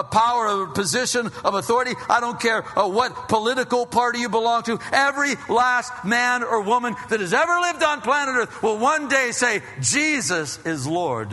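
Middle-aged male pastor, sermon, emphatic and chatty delivery, forceful bright tone, long reverb of a church hall. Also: extremely high pitch. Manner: emphatic, conversational preaching with repeated starts.

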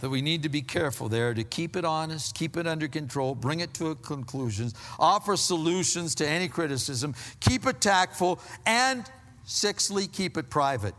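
High, bright-voiced preacher in a big hall. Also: male voice, expressive. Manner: preaching with sudden drops to hushed, low emphasis; slows down to stress points. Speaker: pastor. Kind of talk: sermon.

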